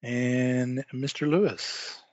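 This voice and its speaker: A man running a tabletop horror game as game master, narrating in a calm, measured way. His voice is dry and close, with no room around it. The sound is dull, as on an online call. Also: mid-range voice, no echo.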